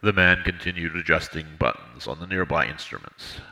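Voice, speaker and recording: A man narrating an audiobook in a measured, steady reading. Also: a bass voice, creaky, poor audio.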